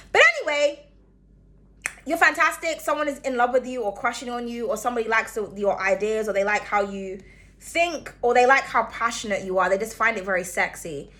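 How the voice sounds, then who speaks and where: A woman's voice: a little high, brisk, fairly bright tone. A woman giving a casual tarot reading, chatty and rambling, swearing freely and humming as she thinks. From outside the United States. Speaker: tarot reader.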